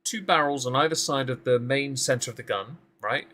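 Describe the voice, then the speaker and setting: A man co-hosting a casual political chat, talking in an animated, exasperated way and swearing freely. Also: medium pitch, a little fast, a little hiss or hum. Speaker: co-host.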